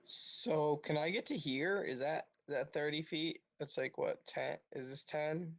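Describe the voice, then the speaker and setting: A man's voice: fairly high pitch, a little slow, vocal fry. A man playing a tabletop game, asking hesitant questions about how far his character can move. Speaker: player. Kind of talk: casual tabletop play.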